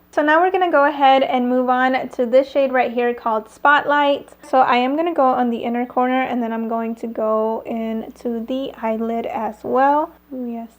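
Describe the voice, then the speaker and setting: A woman talking through a casual makeup tutorial at home, chatty, with lots of fillers and little laughs. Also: on the high side. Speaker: beauty vlogger. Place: home, airplanes passing nearby.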